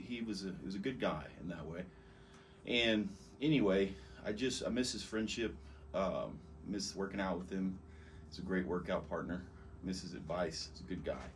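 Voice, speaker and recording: A man with a Texan accent, hosting his own podcast and telling a personal story in a casual, rambling way. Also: deep voice. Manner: conversational, rambling, with fillers. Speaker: podcast host. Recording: distant mic with background noise.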